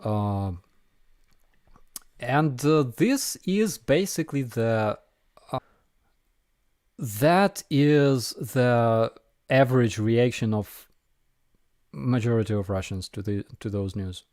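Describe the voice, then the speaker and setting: A man with a Ukrainian accent hosting a casual live Q&A, answering viewer questions in an unhurried way with frequent ums and dry jokes. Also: mid-range voice, lively intonation, darkish tone, dry recording. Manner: unhurried, frequent ums and uhs, dryly joking.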